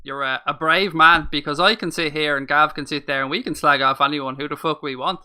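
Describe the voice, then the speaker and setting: A man's voice: a little high, fairly even intonation, pushed and bright, clear, resonant tone. A man hosting a football podcast, teasing and needling his co-hosts in casual banter. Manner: teasing, quick to needle the others. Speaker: podcast host.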